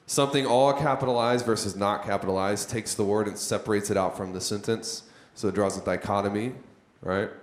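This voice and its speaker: His voice is fairly low and fairly even in intonation, moving briskly with few pauses. Running a live workshop on making content, he chats with the room and quizzes the listeners, and the space echoes.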